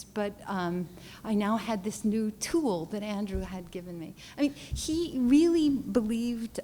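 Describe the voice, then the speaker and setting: Halting mellow-voiced woman painter. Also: medium pitch, slight background noise. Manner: halting, repeats words, earnest. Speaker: panelist, painter. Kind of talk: storytelling at a panel talk. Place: lecture hall at a panel event. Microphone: handheld or podium mic, often off it.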